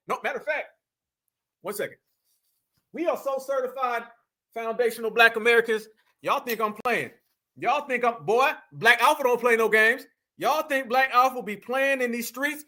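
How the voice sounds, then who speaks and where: High bright-voiced man hosting a livestream. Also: lively intonation, normal speed. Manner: loud, bantering, eats while talking. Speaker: livestream host. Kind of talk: casual livestream chat.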